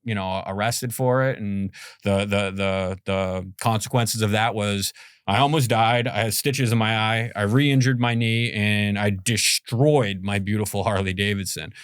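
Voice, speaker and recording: A man's voice: fairly low pitch, fairly even intonation, measured pace, clean tone, no room sound, clean studio sound. A man in his forties from Boston, a podcast guest telling a story in a rambling, casual way, full of "like" and "you know" and the odd swear word. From Boston, USA.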